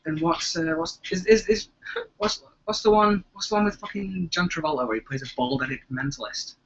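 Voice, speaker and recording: A man's voice: fairly high pitch, brisk, a bit bright. A man co-hosting a live video chat, rambling and interrupting himself as he tells stories. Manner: rambling, self-interrupting storyteller. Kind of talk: casual chat. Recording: dull lo-fi webcam audio.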